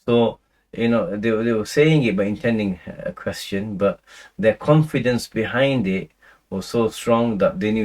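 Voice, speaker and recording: A man teaching a Quran commentary class in a relaxed, conversational way, full of fillers and restarts, now and then reciting Arabic verses. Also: lowish voice, measured pace, poor audio. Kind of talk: casual lecture on scripture.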